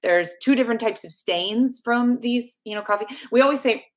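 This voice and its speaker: A woman's voice: on the high side, normal speed. A woman chats through a live question-and-answer stream about teeth. Her delivery is bubbly and loose, full of little asides. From United States. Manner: chatty and bubbly, with frequent laughs and fillers. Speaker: dental YouTuber answering viewer questions. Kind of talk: live Q&A chat.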